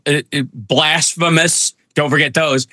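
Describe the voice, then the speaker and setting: A man's voice: fairly high pitch, steady tone, unhurried, bright, forceful tone, no echo. A man guesting on a casual radio talk show, chatty and wry, his voice still recovering after losing it. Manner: chatty and wry, with fillers and self-deprecating jokes. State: recovering from voice loss.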